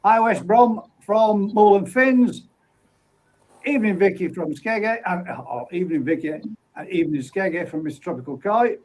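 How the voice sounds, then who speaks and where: A man hosts a casual live stream, reading viewer comments aloud one after another. His voice sits fairly high for a man, and his manner is easygoing and friendly as he greets people by name. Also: lively intonation, normal speed, a little mellow, poor audio. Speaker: livestream host.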